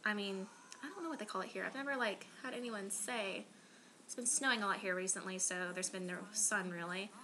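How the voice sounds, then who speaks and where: A woman's voice: medium pitch, brisk, sharp tone. A woman from Florida chatting casually to camera in a rambling, self-deprecating way, full of "um" and "like.". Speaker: vlogger.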